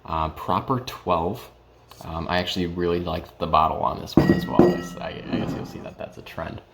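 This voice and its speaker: Low gravelly young man, hesitant vlog chat. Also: fairly even intonation, moderate pace, heavy background noise. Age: young adult. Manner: hesitant, lots of ums and restarts. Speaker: vlogger reviewing whiskey.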